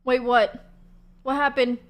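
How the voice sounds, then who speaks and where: High-voiced giggly streamer woman. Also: level tone, slow. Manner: giggly, chatty, lots of fillers and swearing. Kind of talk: casual chat with stream chat.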